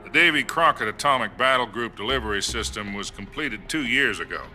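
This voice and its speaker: An actor playing a calm American president speaking in a measured, diplomatic way over game cutscene music. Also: male voice, mid-range voice. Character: calm male American president on a hotline call.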